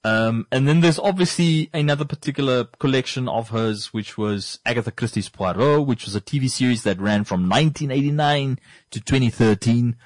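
A man's voice: medium pitch, a little fast, no echo. A man hosting a casual monologue, rambling and repeating points for emphasis. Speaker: podcast host.

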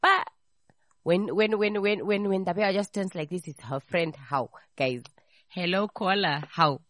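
Radio host lady, animated, telling a story and chatting with callers, dry close sound. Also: on the low side, a little slow, dry recording. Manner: animated, acts out the people in her stories. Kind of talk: casual call-in chat and storytelling.

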